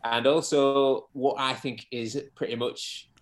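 A man with a Yorkshire accent, a podcast guest giving measured, analytical football opinions between laughs. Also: mid-range voice, steady tone. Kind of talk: casual football podcast chat.

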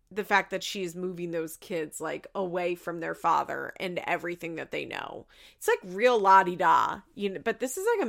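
Sarcastic woman with a gravelly voice. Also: on the low side, fairly bright tone. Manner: sarcastic, rambling, swears, many "like" fillers. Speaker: reality TV recapper. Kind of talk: casual recap chat.

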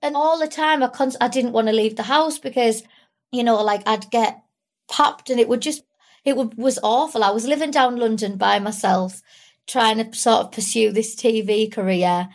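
A young woman with a slightly high voice speaks as an interview guest. She sounds tearful and candid, and she rambles through her story with lots of fillers. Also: moderate pace. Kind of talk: emotional personal interview.

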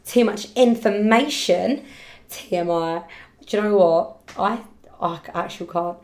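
A woman hosting a casual solo podcast, chatty and rambling, quick to laugh and loud when excited. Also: lowish voice. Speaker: podcast host and hairdresser. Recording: roomy echo around the voice.

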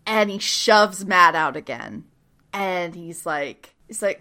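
A woman in casual chat, recapping a TV episode with lots of laughter and quick acted-out lines. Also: mid-range voice. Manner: animated, laughing, swearing, acts out characters in quick voices. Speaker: podcast co-host recapping a TV show.

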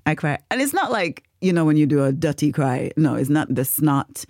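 A woman's voice: sits low, sing-song, normal speed, darkish tone, dry recording, studio quality. A woman hosting a podcast, telling a personal story in casual chat, laughing often and acting out the voices of others. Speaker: podcast host.

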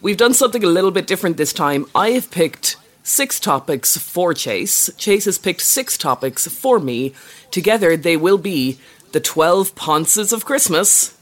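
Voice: mid-range voice, lively intonation, a little slow. A podcast co-host chatting casually and trading dry, sarcastic quips. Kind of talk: casual comedic podcast chat.

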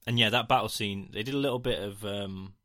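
A man's voice: fairly low pitch, a little fast, bright, forceful tone, no echo, clean studio sound. A man co-hosting a casual film review chat, rambling with jokey asides and casual swearing. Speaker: podcast co-host.

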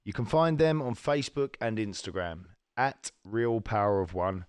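Low-voiced English podcast host. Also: male voice, expressive, normal speed, smooth, no echo. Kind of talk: casual interview chat and sponsor read.

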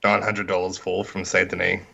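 A man's voice: sits low, monotone, moderate pace, gravelly, bright, forceful tone, husky. A man telling a laid-back story about a video game in a casual chat. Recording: slightly dull lo-fi recording.

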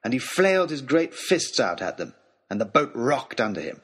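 A man narrating an adventure story in an expressive, dramatic reading style. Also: mid-range voice, normal speed, slightly rough.

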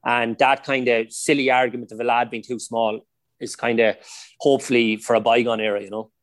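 A middle-aged man with an Irish accent spins long, chatty stories in a relaxed interview. His delivery is anecdotal and loose, sprinkled with "like" and "you know". The sound is dry and close, with no room echo. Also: mid-range voice, a little fast. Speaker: podcast guest, former footballer. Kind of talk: casual storytelling interview.

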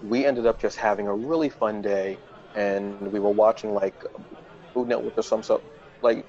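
A male podcast host telling a casual, self-mocking story and jumping into high, flustered voices when he quotes himself. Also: darkish tone, dull audio.

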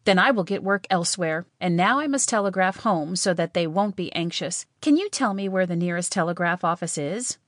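A woman's voice: fairly low pitch, animated, brisk, hardly any pauses, dry recording, natural voice. Lady reading as a sorry young runaway girl, earnest, dry close sound. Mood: earnest, remorseful. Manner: earnest and emotional. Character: impulsive, remorseful young woman runaway. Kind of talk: audiobook reading.

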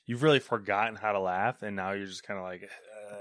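A man with a lowish voice, trading dry remarks with his co-host in a relaxed gaming podcast. His delivery is easygoing and understated, and the recording is close and dry. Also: quick pace, no echo. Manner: dry, laid-back quips. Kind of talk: casual gaming news chat.

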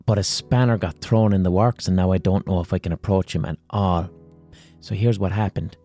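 Low, mellow Irish man telling stories. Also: fairly even intonation, fairly quick, soft background music. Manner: rambling, profane storytelling. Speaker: podcast host. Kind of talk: comic monologue.

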